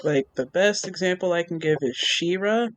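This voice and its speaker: Animated young storyteller, dry close mic. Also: mid-range voice, normal speed, dry recording, rough recording. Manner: animated storytelling, acts out own past reactions. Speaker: interview guest, artist. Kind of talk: casual interview chat.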